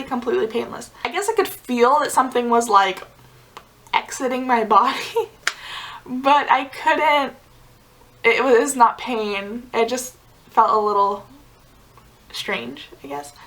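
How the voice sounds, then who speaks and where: A young woman talks straight to her viewers in a relaxed, chatty vlog. Her voice sits a little high, and she fills her sentences with "like" and quick giggles. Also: rough recording. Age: young adult. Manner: chatty, many "like" fillers, giggly asides. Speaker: vlogger. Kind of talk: casual storytelling to camera.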